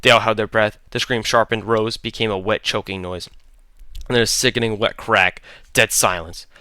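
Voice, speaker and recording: Bright, clear male horror narrator. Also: lowish voice, fairly even intonation, dry recording. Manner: dramatic, deliberate storytelling.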